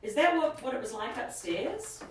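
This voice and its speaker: A woman co-hosting a live ghost hunt in an old inn, excitable and quick to exclaim at what she finds. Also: a little high. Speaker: ghost hunting co-host. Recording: echoey room, voice from far off, faint hiss.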